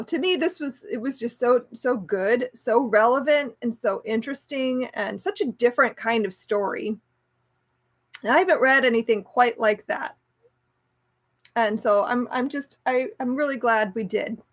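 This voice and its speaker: Rambly chatty woman host, kinda high voice, gushing about books and laughing a lot. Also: unhurried. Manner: chatty and rambling, with many restarts and fillers; warmly enthusiastic, laughs easily. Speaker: homeschool book club host. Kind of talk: casual book club chat.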